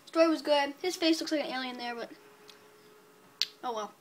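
A woman's voice: high-pitched, normal speed, a little mellow, a little hiss or hum. A woman casually reviewing her comic book purchases on video, chatty and upbeat, rambling with many fillers.

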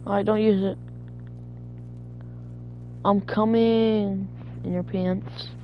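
A woman's voice: mid-range voice, little pitch movement, slow pace, slight background noise. A woman gamer in casual chat while playing co-op zombies, bossing her teammate around with profane trash talk. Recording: dull lo-fi audio with faint music.

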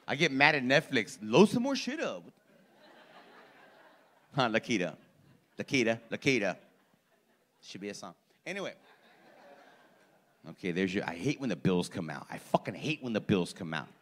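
A man in his forties doing crowd-work stand-up in a comedy club, loud and profane, teasing people in the audience. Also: medium pitch, animated, brisk, long pauses. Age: 40s.

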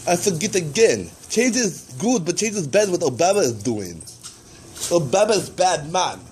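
High-voiced young man rambling erratically. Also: moderate pace, slight background noise, low-quality recording. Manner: erratic, rambling, with sudden loud excited swings. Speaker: vlog host. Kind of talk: rambling self-recorded vlog.

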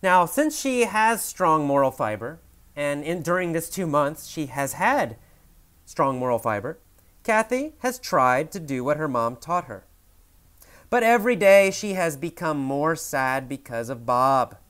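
Guy teaching english, tells a little story slow w/ big emphasis then explains it patiently. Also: on the high side, big pitch swings, a bit bright. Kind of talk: mini story English lesson.

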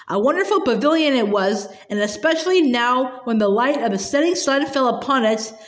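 Hesitant woman reading a storybook aloud. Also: on the high side. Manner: hesitant, with frequent fillers and restarts. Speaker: storybook reader. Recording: roomy echo.

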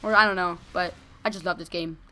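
A young woman giving excited gameplay commentary, gushing and shouting during fights. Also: fairly low pitch, a little fast. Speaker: gaming video host.

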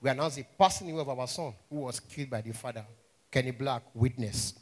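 A young man with a Nigerian accent doing a stand-up comedy set, telling animated stories in a mix of Pidgin and English and acting out characters. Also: medium pitch, fast talker. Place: stage at a live show.

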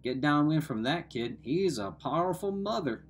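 A man's voice: on the high side, expressive, moderate pace, voice pushed up, natural voice. A man reading aloud and voicing a crude teenage boy who mocks his friends in coarse slang. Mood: taunting. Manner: coarse backwoods slang, mocking.

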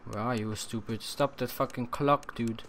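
A young man doing horror game commentary at home on a desk mic, swearing often and yelling at jump scares. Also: mid-range voice, fairly even intonation, moderate pace. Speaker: let's play gamer.

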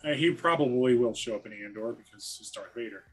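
A man's voice: medium pitch, a little fast, breathy edge, faint music behind, rough recording. A man hosting a casual podcast chat, enthusiastic and handing turns to his guests. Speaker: podcast host.

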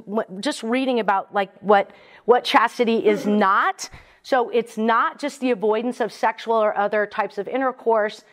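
Woman talking faith to a church crowd, casual, lots of ums, earnest, mid pitch. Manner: earnest, conversational, many fillers and restarts. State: briefly choked up. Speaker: parish mission speaker. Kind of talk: casual faith talk to a parish audience.

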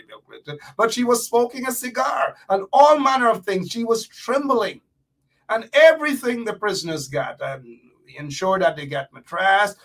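A man's voice: high-pitched, fairly bright tone. A man, a guest on a talk show, speaking in a fiery, mocking way and building emphatic lists. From Guyana. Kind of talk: heated talk show call. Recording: voice a bit far from the mic.

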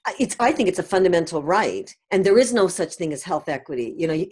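Canadian woman, middle-aged, low-pitched, emphatic, founder in a podcast interview. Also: sing-song, quick pace, darkish tone, breathy edge. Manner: emphatic, tags statements with "right?". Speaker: company founder, guest.

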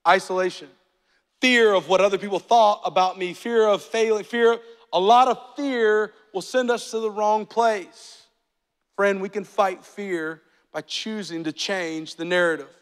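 A man preaching a sermon as pastor, animated and joking, slipping into voices for the people in his stories. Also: high voice, unhurried, clean tone, long reverb tail.

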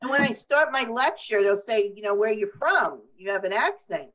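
A woman's voice: mid-range voice, expressive, moderate pace, a bit bright, low-quality recording. A woman hosting a casual video-call interview, playful and teasing with her guest. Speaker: host.

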